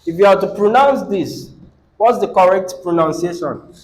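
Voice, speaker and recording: A man with a Nigerian English accent teaching a classroom English lesson, dictating rules slowly, repeating them and quizzing students. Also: high voice, poor audio.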